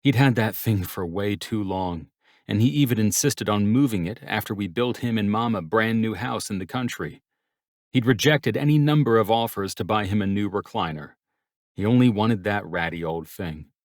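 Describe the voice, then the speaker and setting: A man reading a romance audiobook in first person, with measured, even storytelling. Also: on the low side, no echo, studio quality. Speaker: audiobook narrator.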